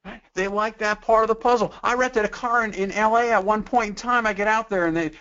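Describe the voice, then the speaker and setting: A man's voice: high-pitched, fairly even intonation, fairly quick, pushed and bright, highs cut off. A man giving a sales training webinar in a conversational way, tossing out rhetorical questions and acting out customers in quoted voices.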